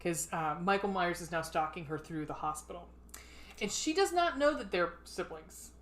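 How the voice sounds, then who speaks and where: A woman's voice: lowish voice, animated, normal speed. A woman co-hosting a podcast, chatting casually and retelling a movie plot with lots of swearing and fillers. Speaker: podcast co-host. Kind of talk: casual chat.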